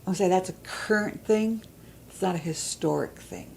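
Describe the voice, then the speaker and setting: A woman's voice: fairly low pitch, normal speed, gravelly, a little mellow, slight background noise, rough recording. A woman giving a conversational church teaching, reading scripture aloud and checking in with her listeners. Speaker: Bible teacher.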